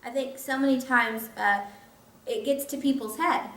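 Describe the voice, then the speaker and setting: A woman's voice: high voice, steady tone, moderate pace, fairly bright tone. A woman pastor teaching scripture in a conversational way, with chatty asides. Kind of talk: Bible teaching. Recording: echoey room, mic at a distance, faint noise.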